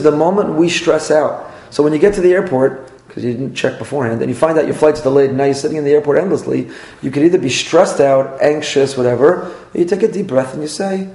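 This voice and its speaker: A man, a rabbi teaching a class, lively and repetitive, acting out little dialogues as he lectures. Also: fairly high pitch, fast, gravelly. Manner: animated, repeats phrases and acts out little dialogues. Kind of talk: Torah class lecture with audience questions. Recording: roomy echoey room.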